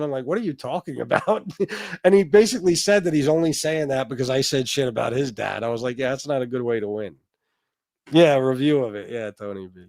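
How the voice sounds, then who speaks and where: A man's voice: medium pitch, darkish tone, no echo, studio quality. A middle-aged man hosting a livestream, telling brash, profane stories and answering his chat. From Sicilian heritage. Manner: brash, profane storytelling, reads chat aloud. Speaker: livestream host.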